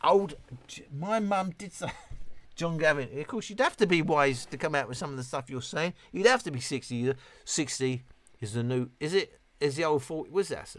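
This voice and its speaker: A man's voice: on the high side, moderate pace, no room sound. A British man in his late fifties, chatting casually on a live stream, reading out viewers' comments in a rambling, sweary way, a little tipsy. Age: 50s. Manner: chatty, rambling, swears freely, reads chat aloud.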